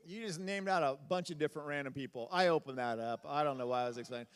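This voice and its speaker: A man with a high voice preaches in a casual, rambling way, chatting and joking with the crowd. His words ring out with a long reverb from the church hall around him. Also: fairly quick, a bit bright. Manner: casual, rambling delivery with audience banter. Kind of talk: sermon.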